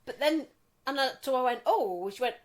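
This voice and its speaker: A woman co-hosting a casual podcast, reacting loudly with shrieking laughter and free swearing. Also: sits high, fairly even intonation, fairly quick. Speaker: podcast co-host. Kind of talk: casual chat.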